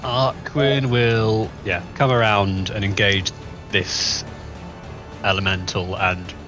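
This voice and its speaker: A man's voice: fairly low pitch, level tone, slow pace, a bit bright, faint music behind. A man playing a tabletop game, casual and rambling, with the odd swear. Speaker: player.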